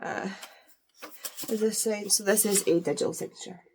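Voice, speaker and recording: A woman's voice: medium pitch, steady tone, normal speed, a little mellow, a little hiss or hum. Chatty woman gushing over books. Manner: gushing, chatty, many fillers. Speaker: book vlogger. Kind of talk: casual unboxing chat.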